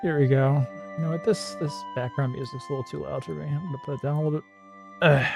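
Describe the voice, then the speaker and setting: A man's voice: fairly high pitch, steady tone, fast, gravelly, darkish tone. A man streaming a text adventure, chatting casually with mumbled asides and laughing at himself. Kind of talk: casual livestream chat. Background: faint background music.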